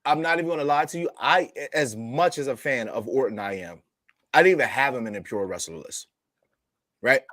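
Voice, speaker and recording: A male co-host trades playful banter on a wrestling talk podcast, cutting in quickly. His voice is bright and lively, a little high, recorded dry and close. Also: no echo.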